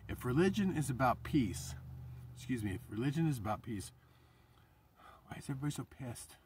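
A man talking in a casual, rambling vlog, animated and swearing freely, his voice jumping up when he quotes himself. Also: mid-range voice, a little fast, breathy edge, recorded from a distance. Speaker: vlogger and painter.

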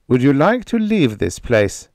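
A man's voice: medium pitch, big pitch swings, measured pace, darkish tone, dry recording, studio quality, pitched above the performer's own voice. A man voicing an anxious, earnest young man who is the new factory master, hesitant and easily alarmed.

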